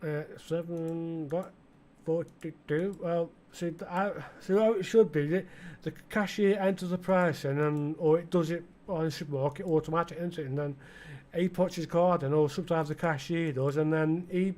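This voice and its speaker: A man's voice: fairly high pitch, fairly even intonation, normal speed, a little mellow. Chatty East Midlands man, rambling. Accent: East Midlands English. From English Midlands. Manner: rambling, chatty, full of fillers, talks to game customers. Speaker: gaming channel host. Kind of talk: casual let's-play commentary.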